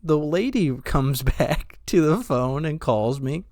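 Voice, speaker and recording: A young man co-hosting a casual podcast, an animated storyteller who laughs often. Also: a little high, takes it slowly, no room sound, clean studio sound. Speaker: podcast co-host.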